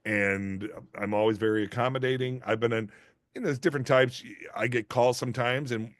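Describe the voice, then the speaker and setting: A man's voice: fairly quick, no room sound, studio quality. A middle-aged man, an actor as interview guest, telling stories in casual chat and acting out the people he quotes. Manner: animated, acts out quoted voices with big pitch jumps.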